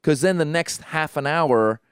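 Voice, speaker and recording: A man on a podcast telling a story in casual chat, animated, with many restarts and acted-out voices. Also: on the high side, measured pace, clear, resonant tone, no echo, studio quality.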